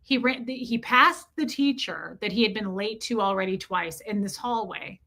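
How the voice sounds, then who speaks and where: A woman's voice: mid-range voice, moderate pace, sharp tone. A woman mimicking an unfriendly small-town female school principal with a thick country-sounding drawl and a blunt, clipped way of talking. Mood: curt. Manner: blunt, clipped, eager to hang up.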